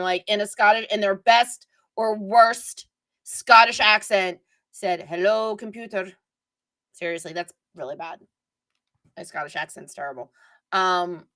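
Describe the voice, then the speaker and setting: A woman's voice: mid-range voice, pushed and bright. A middle-aged woman hosting a live stream, chatting casually and digressively while reading viewer comments.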